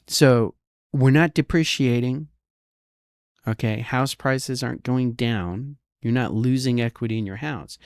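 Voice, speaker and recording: A man's voice: mid-range voice, darkish tone, dry recording, studio quality. A man who works as a real estate broker, giving casual market commentary in a sarcastic way and often checking in with the listener. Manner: sarcastic, keeps checking in with "all right?".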